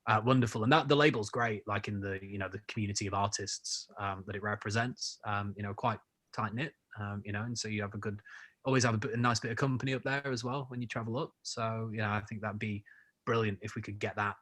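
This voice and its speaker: A man, a band member, chatting casually on a video call, jokey and quick to laugh. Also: lowish voice, fairly even intonation, a bit bright. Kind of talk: casual interview chat.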